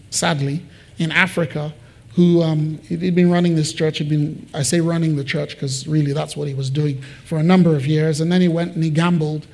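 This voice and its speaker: A man preaching a sermon to his church, conversational and animated, with joking asides. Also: a little high. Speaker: pastor. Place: church building.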